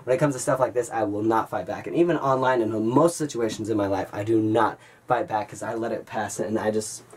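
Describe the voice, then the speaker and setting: A man's voice: lowish voice, a little fast, breathy edge. A young man in his late teens telling a story from his school days in a casual vlog, rambling and swearing. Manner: rambling, swearing, excited retelling. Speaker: vlogger.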